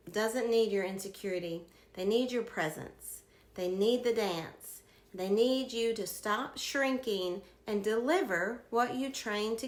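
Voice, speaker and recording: A woman in her fifties tells a personal story in a reflective, emphatic way, drawing a life lesson from her past. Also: fairly high pitch. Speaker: speaker sharing life lessons. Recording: roomy echo.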